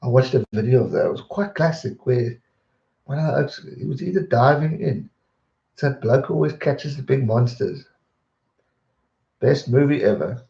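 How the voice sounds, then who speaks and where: A young man, chatting casually on a live stream and answering viewer questions in a rambling, relaxed way. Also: mid-range voice, moderate pace, creaky, pauses often. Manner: relaxed, rambling, repeats words when distracted. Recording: dull roomy home stream audio.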